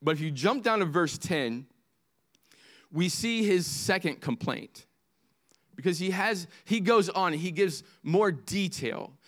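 A man preaching a sermon as pastor, swinging from impassioned highs to hushed lows. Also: animated, slow.

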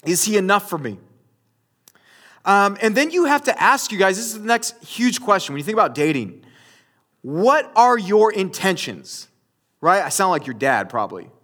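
A man's voice: high voice, big pitch swings, brisk, bright, forceful tone. A man preaching a sermon in a conversational storytelling way, often speaking to his listeners as you guys. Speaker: pastor.

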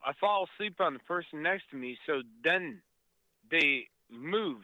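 A man's voice: a little high, lively intonation, no echo, muffled recording. A man telling travel stories in casual chat, rambling and swearing with many fillers. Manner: rambling, profane, halting with fillers.

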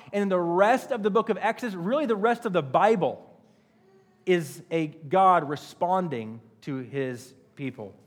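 A man preaching a sermon as pastor, earnest, often restarting and repeating phrases. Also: sits high. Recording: long church-hall reverb.

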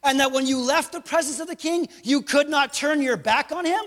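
A man preaching a sermon as pastor, animated, with joking asides and bursts of raised emphasis. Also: extremely high pitch, brisk, in a large hall.

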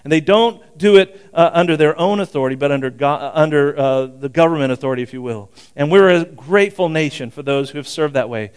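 A man's voice: on the high side, quick pace, few pauses, darkish tone, smooth. A man in his sixties preaching a sermon in a conversational way, with frequent asides and restarts. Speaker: pastor.

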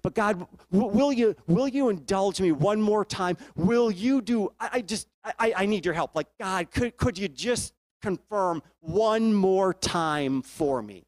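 A hesitant biblical warrior stammers and begs for reassurance, as a preacher puts him on. The voice sits fairly high. It has a dry, close sound with no room around it. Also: male voice, animated, a little slow, hardly any pauses, a little mellow, no room sound. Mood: pleading. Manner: stammering, begging. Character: anxious pleading male biblical warrior, hesitant.

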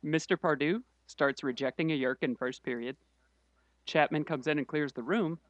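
A man's voice: fairly high pitch, no room sound, lo-fi sound. Dry-sounding man recapping a book. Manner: quick summary delivery with wry asides. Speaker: podcast co-host summarizing a book. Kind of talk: casual podcast chat.

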